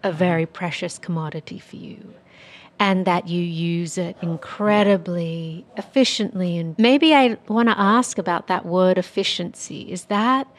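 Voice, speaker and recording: A woman hosts a podcast interview in a fairly low voice. She asks her questions in a thoughtful, measured way, weighing her words. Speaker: podcast host.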